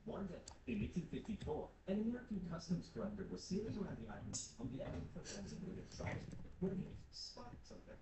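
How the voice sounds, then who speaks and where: A man's voice: high-pitched, big pitch swings, fast talker. A man narrating comic history in a wry, mock-dramatic way. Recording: echoey, distant, very noisy.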